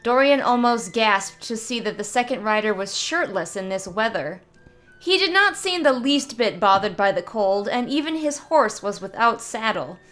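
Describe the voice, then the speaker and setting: A woman reading a fantasy short story aloud in a steady, measured narrating voice. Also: mid-range voice. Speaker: story reader.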